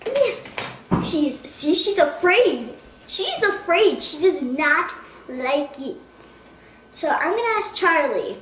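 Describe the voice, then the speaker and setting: A woman's voice: high-pitched, expressive, takes it slowly, pauses often, distant mic, slight background noise. A woman hosting a comedic spoof vlog at home, talking in a playful, mock-dramatic way with exaggerated gasps and alarm. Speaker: vlogger. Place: at home indoors. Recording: echoey room, voice from off-mic.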